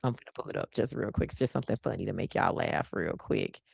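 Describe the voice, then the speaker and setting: A woman's voice: very deep voice, fast, creaky, a little mellow, breathy edge, no room sound. A woman hosting a live stream, chatting playfully and saying y'all constantly. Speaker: host of a live stream show. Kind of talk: casual live stream chat.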